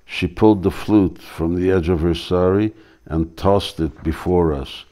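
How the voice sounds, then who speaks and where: A man reading the lines of a playful young cowherd hero in a devotional drama, gently teasing. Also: low voice, steady tone, unhurried.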